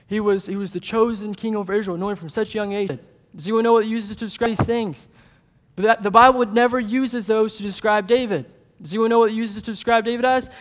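A man preaching a sermon, retelling a Bible story in lively casual paraphrase and voicing its characters. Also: sits high. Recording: long hall reverb.

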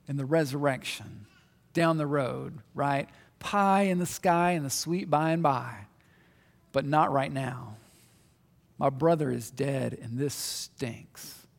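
A man voicing a grieving, weary woman in a sermon, speaking low and resigned, with long hall reverb. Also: slow, vocal fry, pauses often.

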